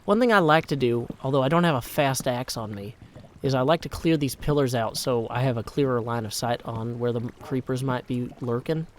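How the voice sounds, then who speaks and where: A middle-aged man from Nashville, chatting casually as he plays a game on a live stream, self-deprecating, and often dropping to a hushed mutter. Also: mid-range voice, brisk, a little hiss or hum. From Nashville, Tennessee. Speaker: gaming streamer. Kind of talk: casual live gameplay commentary.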